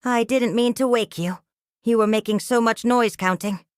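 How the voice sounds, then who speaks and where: An older woman voicing a gentle, apologetic deer in a children's bedtime story, soft and drowsy as it counts. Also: fairly high pitch, fairly even intonation, normal speed, no echo, clean studio sound, lightly acted.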